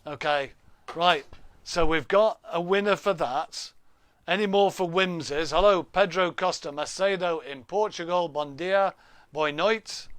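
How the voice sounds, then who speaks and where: A man talks into his laptop webcam from a room at home, hosting a casual live stream. His voice sits a little high and the sound is dry and close. He chats and jokes, laughs often and reads out viewers' names and comments. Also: measured pace, a bit bright, smooth, no room sound. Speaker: livestream host.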